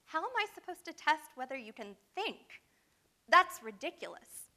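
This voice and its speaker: A gleeful female sphinx , put on by a woman reading aloud, chirps her questions like an overly cheerful test proctor. The voice sits high and bright, lifted well above the reader's own. It has a sing-song, storybook menace. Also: very animated, normal speed, full character voice. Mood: smug.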